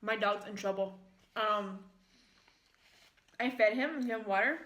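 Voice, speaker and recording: Bright-voiced chatty American woman. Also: medium pitch, normal speed, long pauses. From United States. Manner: chatty, rambling storytelling with frequent fillers. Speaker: vlogger. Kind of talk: casual mukbang chat while eating. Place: at home, in the kitchen. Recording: echoey room.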